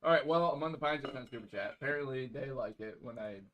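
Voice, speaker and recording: A man's voice: mid-range voice, quick pace, dull audio. Laid-back joking man, mid-range voice. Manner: laid-back, jokey storyteller. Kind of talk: casual chat on a live cooking stream. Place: home kitchen.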